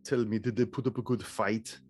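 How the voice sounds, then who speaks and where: A haughty old baroness with a husky smoker's rasp, as a game master puts her on. She presses for answers in a raised, pushy voice, with music faint behind. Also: lowish voice, steady tone, brisk, darkish tone, lightly acted. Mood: imperious.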